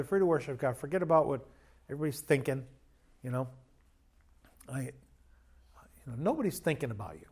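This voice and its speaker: A man's voice: a little high, darkish tone. A man preaching a sermon as pastor in a church, conversational and joking with emphatic bursts.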